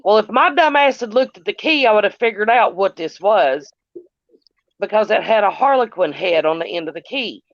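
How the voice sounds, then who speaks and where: A woman's voice: medium pitch, animated, moderate pace, no room sound, dull audio. A woman chatting casually, blunt and emphatic with salty language. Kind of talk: casual chat.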